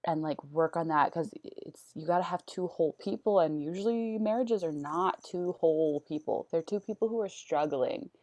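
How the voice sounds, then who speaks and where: A woman's voice: on the low side, moderate pace, hardly any pauses, a little mellow, no room sound. Bubbly, encouraging woman host, dry sound. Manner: bubbly and encouraging, many "like" fillers. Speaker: podcast host. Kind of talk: casual conversational interview.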